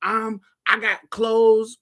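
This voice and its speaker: A woman from Indiana hosting a podcast, telling personal stories in a casual, profane, animated way and laughing often. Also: a little high, very slow. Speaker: podcast host. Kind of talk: casual storytelling monologue.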